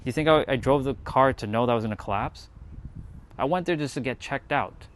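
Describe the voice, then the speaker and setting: A man's voice: mid-range voice, brisk. A man speaking to his live-stream viewers in a casual motivational monologue, earnest and blunt, swearing freely and repeating words for emphasis.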